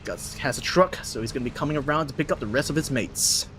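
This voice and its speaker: A man's voice: mid-range voice, fairly bright tone, slight background noise. A man giving live color commentary on a mobile esports match, chatty and analytical with frequent "uh"s. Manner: chatty, analytical, fills pauses with "uh". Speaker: esports caster.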